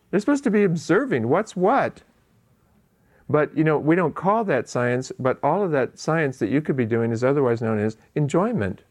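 Man teaching meditation, loose and conversational, frequent laughter, a mid-pitched voice. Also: darkish tone. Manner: conversational, laughing, with many asides. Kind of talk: dharma talk. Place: meditation hall.

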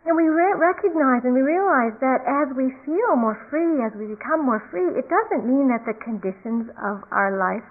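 Woman giving a calm dharma talk. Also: high voice, moderate pace, few pauses. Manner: calm, reflective, repeats key phrases. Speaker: meditation teacher. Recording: tinny phone-like recording.

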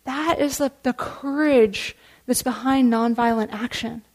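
A woman meditation teacher giving a dharma talk in an earnest, warm storytelling manner. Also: fairly high pitch, a little slow.

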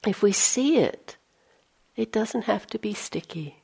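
A woman's voice: medium pitch, lively intonation, a little slow, creaky, warm tone, husky. A woman meditation teacher giving a dharma talk, conversational, with playful self-mocking asides and dips into a near-whisper. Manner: drops to a near-whisper for inner thoughts.

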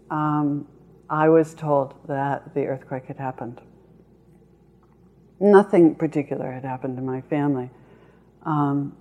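Woman, low voice, meditation teacher, dharma talk, slow, measured, long pauses. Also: a little mellow.

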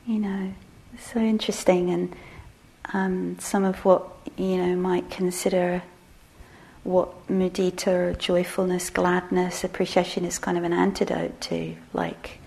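A middle-aged woman giving a relaxed meditation talk, soft-spoken and self-deprecating with frequent laughter. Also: lowish voice, a little slow, vocal fry. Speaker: meditation teacher.

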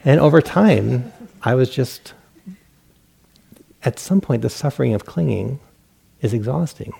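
A middle-aged man teaching meditation in a relaxed dharma talk, poking fun at himself and acting out his own inner voices. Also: mid-range voice, measured pace, creaky, husky. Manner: relaxed, self-mocking, acts out inner voices.

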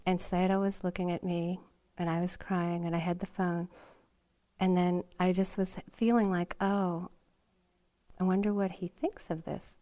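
A woman meditation teacher giving a gentle, reflective dharma talk at a retreat center, sometimes laughing softly or dropping to a whisper. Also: on the low side.

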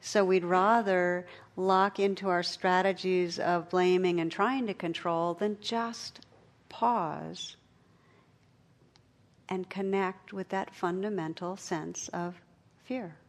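A middle-aged woman giving a meditation talk, telling stories and jokes with gentle pauses. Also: on the low side, steady tone. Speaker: meditation teacher. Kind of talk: dharma talk.

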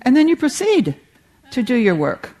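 An older American woman giving a warm, humorous talk on creativity, telling stories and reading slowly from a book. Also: high voice, wildly swooping pitch. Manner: warm, humorous storytelling with slow reading passages. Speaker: meditation teacher giving a talk.

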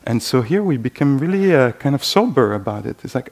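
A man teaching meditation in a reflective, unhurried dharma talk, often adding "you know" and voicing inner thoughts as asides. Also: mid-range voice, very animated, a little mellow. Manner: acts out inner voices in quoted asides.

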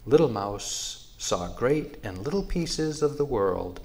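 A man telling a traditional animal story in a measured, unhurried narration. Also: mid-range voice, expressive, a little mellow.

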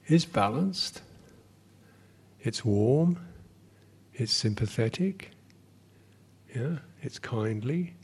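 Gravelly, husky-voiced male meditation teacher. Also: mid-range voice. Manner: slow, halting phrasing with many pauses; drops to a soft whisper on repeated phrases. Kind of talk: meditation retreat dharma talk.

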